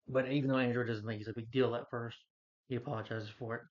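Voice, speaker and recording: A man's voice: mid-range voice, fairly even intonation, quick pace. A man giving a casual, rambling plot recap as a movie reviewer, with many restarts and "you know" fillers. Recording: dull lo-fi recording.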